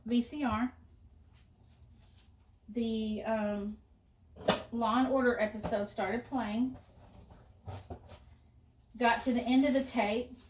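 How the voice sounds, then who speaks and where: A woman's voice: fairly high pitch, darkish tone, far from the mic, slight background noise. Chatty middle-aged woman cooking, roomy kitchen. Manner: chatty storyteller, rambling asides. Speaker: cooking vlogger. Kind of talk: casual chat while cooking. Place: home kitchen.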